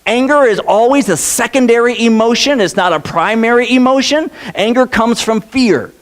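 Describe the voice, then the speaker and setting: Male pastor with a very high voice, chatty repetitive sermon delivery in a church. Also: normal speed. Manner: conversational, repeats phrases and checks in with "okay". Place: church sanctuary.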